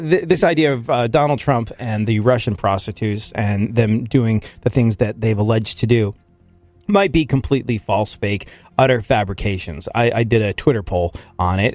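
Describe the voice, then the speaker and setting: A man's voice: fairly low pitch, darkish tone, no room sound. A man hosting a casual comedic talk show, rambling and riffing with lots of restarts. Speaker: podcast host.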